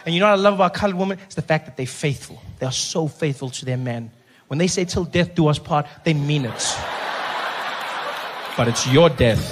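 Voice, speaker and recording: A man with a South African accent doing live stand-up comedy. He talks in an animated way, with big swings in his voice as he acts out characters. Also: high-pitched. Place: stage before a live audience. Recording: live club recording with crowd noise and laughter. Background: audience laughter.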